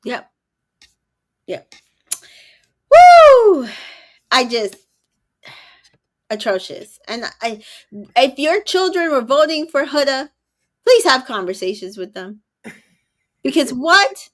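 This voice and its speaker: A woman co-hosting a casual recap chat, with a slightly high voice. She summarizes events plainly, with frequent ums and exasperated asides. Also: animated, slow pace, pauses often, a bit bright. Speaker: co-host.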